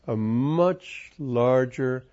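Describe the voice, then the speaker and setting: A man giving a reflective spiritual talk, telling a personal story in a calm, musing way with wandering sentences. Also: mid-range voice, extremely slow. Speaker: spiritual teacher. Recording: muffled lo-fi recording.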